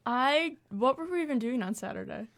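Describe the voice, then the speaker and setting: A young woman joins a podcast as a guest and jokes along playfully. Her voice sits fairly high. Her pitch moves lively as she teases. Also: brisk, creaky. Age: young adult. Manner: playful, teasing. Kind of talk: casual banter.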